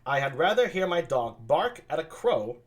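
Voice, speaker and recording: A man reading aloud and voicing a sharp-tongued young noblewoman who scorns men, lifting his voice higher. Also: very animated, moderate pace. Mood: scornful.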